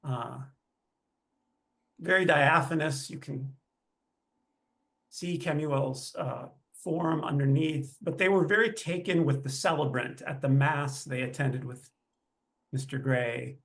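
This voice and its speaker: A man playing a tabletop game, describing his character in a halting way with many pauses and fillers. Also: a little high, fairly even intonation, a bit bright. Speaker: player.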